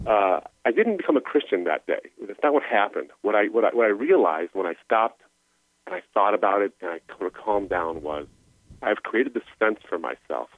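A man's voice: fairly low pitch, expressive, normal speed, no echo. A middle-aged man telling his personal story as a guest, earnest and emotional, over a tinny phone line. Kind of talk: personal testimony.

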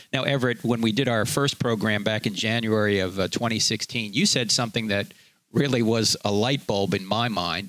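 A male radio host at a studio mic, his voice of ordinary pitch and completely dry. He talks conversationally, filling pauses with "uh" as he leads the interview. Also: a bit bright, no echo. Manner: conversational, with fillers and plugs for the guest. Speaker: radio talk show host.

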